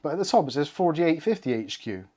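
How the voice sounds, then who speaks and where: A man's voice: a little high, very animated, fast, dark tone. A man with a Bristol accent hosting a casual tech livestream from his desk, joking and swearing freely as he chats. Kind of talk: casual live-stream chat. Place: indoors at a desk with laptop and cameras.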